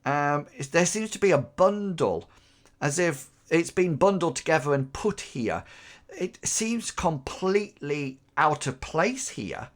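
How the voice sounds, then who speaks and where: A man's voice: fairly high pitch, lively intonation, measured pace. A man narrating as game master in a tabletop game, describing scenes with hesitant, filler-heavy phrasing.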